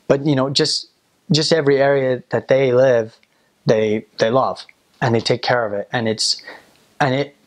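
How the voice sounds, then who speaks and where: Man, casual interview, rambling, repeats words, mid-pitched voice.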